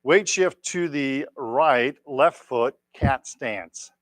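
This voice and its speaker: A man leading a tai chi class, giving calm step-by-step cues and gentle praise on a clip-on mic. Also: medium pitch, very slow, no echo. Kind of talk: guided exercise class. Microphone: clip-on microphone.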